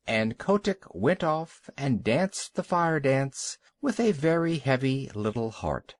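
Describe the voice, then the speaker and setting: A man narrating a children's storybook with an expressive, animated reading. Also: medium pitch, takes it slowly, hardly any pauses, dry recording. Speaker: audiobook narrator.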